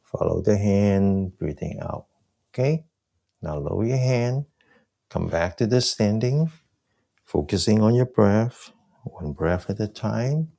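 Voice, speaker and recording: A man teaching a breathing class, giving slow, soft guided cues and explaining with more energy. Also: fairly low pitch, animated, vocal fry. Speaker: breathing exercise instructor.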